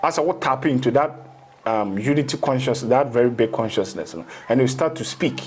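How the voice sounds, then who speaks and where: A man's voice: medium pitch, expressive, brisk, a little mellow, slight background noise. A man, a spiritual teacher in a casual interview, rambling through explanations and slipping into local phrases.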